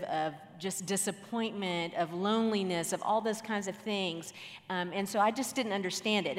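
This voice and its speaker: A woman's voice: medium pitch, a bit bright. A woman earnestly telling an audience a personal story from her marriage, in a reflective way. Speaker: marriage speaker. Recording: reverberant hall.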